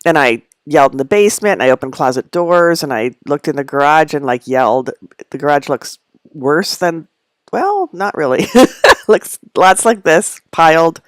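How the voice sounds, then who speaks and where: A woman's voice: deep voice, animated, normal speed, no room sound. Chatty woman host, dry close sound. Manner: rambling, chatty, laughs often between asides. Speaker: host of a live knitting stream. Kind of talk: casual live-stream chat. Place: at home among packed belongings.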